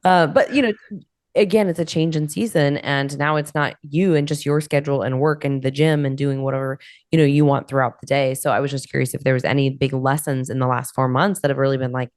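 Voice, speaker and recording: Low-voiced woman host, dry sound. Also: steady tone, a little fast, no echo. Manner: searching, hedging questions with "you know". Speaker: podcast host. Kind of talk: interview questioning.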